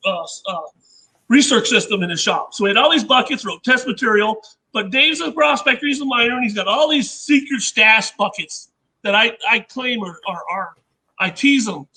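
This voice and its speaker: A man with a squeaky voice, a guest inventor telling rambling anecdotes in casual chat and acting out what others said. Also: pushed and bright, poor audio. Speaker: podcast guest, inventor and engineer.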